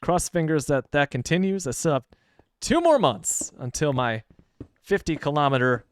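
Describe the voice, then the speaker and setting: A man's voice: mid-range voice, smooth, no echo. Chatty, self-amused man with a dry, close sound. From Midwestern United States. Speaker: streamer. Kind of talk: casual gameplay commentary. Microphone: streaming microphone.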